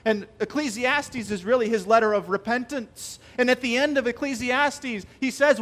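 A man preaching a sermon, emphatic and stressing key phrases by slowing down. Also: extremely high pitch, a bit bright.

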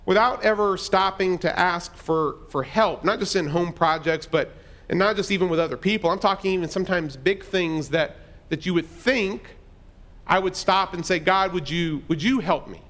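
A man's voice: high voice, normal speed, fairly bright tone. A middle-aged man pastor telling a personal story in a conversational, self-deprecating sermon.

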